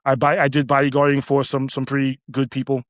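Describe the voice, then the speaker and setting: A middle-aged man, a retired police officer, telling stories casually, halting and repeating words as he acts out quoted dialogue. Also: mid-range voice, monotone, no echo, studio quality. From United States. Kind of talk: casual storytelling.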